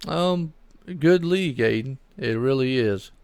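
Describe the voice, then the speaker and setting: A male race commentator calls a live sim race by himself, chatting in a folksy, upbeat way. His voice has a gravelly, creaky texture. He rambles and often repeats words. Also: mid-range voice, expressive, unhurried, darkish tone, no room sound.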